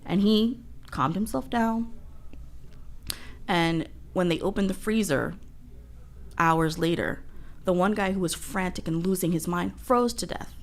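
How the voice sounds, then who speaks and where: A woman's voice: lowish voice, a little slow, pauses often. Young woman, podcast guest; upbeat, chatty, laughs easily. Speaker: agency coordinator, guest. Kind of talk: casual interview chat.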